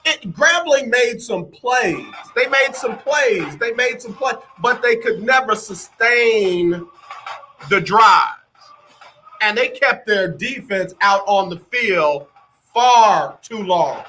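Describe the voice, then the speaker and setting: Animated, bright-voiced male radio host. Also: high-pitched, slow, a little hiss or hum. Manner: emphatic, exclaiming, breaks into mock quotes. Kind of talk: animated radio talk monologue.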